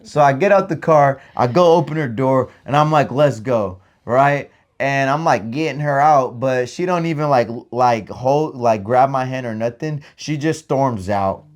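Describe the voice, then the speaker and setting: A young man telling a story in casual chat, animated and full of profane slang. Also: medium pitch, moderate pace, hardly any pauses. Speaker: podcast co-host.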